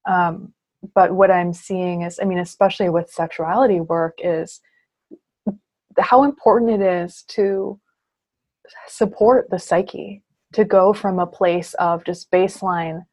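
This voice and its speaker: Brief: woman interview guest, low voice, earnest and reflective, casual phrasing. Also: steady tone, measured pace, darkish tone. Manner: earnest, reflective, leaning on "you know" and "I mean".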